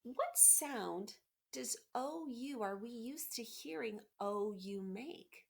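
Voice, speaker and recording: Gravelly-voiced woman teaching phonics. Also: on the high side, animated. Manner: patient, encouraging, sounding out letters slowly. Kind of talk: remote phonics lesson for children. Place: home, by a window.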